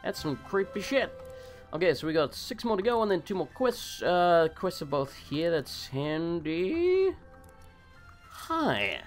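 A man's voice: on the high side, big pitch swings, measured pace, soft background music. A man hosting a casual let's play, recovering from a cold, who sarcastically swears and talks back at game characters. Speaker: gaming channel host.

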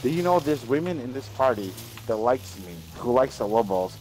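A man ranting on a livestream in a brash, profane, repetitive way, often swinging his pitch up high. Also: expressive, moderate pace, few pauses, darkish tone. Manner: brash, profane, repeats himself. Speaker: stream guest. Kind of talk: rambling livestream rant. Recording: noisy stream audio.

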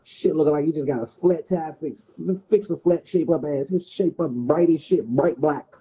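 A man's voice: on the high side, moderate pace, warm tone, lo-fi sound. A man with a Washington DC area accent hosting a livestream, roasting someone in a profane, mocking, rowdy rant. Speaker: livestream host.

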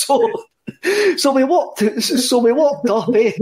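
Scottish man, fairly high voice, casual storytelling, repeats himself, laughs through it. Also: very animated, drawn-out words, darkish tone. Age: 30s. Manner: rambling, repeats words, laughs often. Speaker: podcast co-host.

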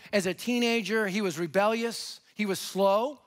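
A man preaching as a guest, telling stories with animation and swinging between loud and hushed delivery. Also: high-pitched, fairly even intonation, normal speed. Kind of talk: sermon storytelling.

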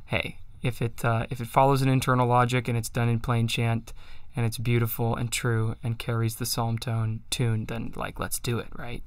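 On a livestream, a man chats casually and pokes fun at himself while talking about chant, singing psalm tones as demonstrations. His mid-range voice is monotone, at a normal speed with few pauses, smooth and free of room sound.

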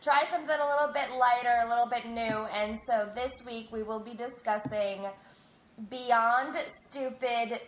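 A woman's voice: on the high side, steady tone, moderate pace, roomy sound, slight background noise. A woman co-hosting a podcast in casual chat, giggly and prone to rambling. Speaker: podcast co-host.

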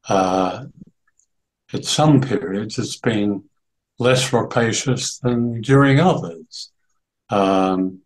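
An older man giving slow, deliberate interview answers, pausing often with fillers. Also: on the low side, low-quality recording. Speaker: interview guest, journalist.

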